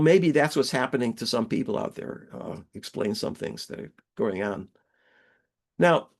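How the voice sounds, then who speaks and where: A man giving an academic webinar lecture, telling anecdotes in a halting, digressive way with frequent restarts. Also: medium pitch.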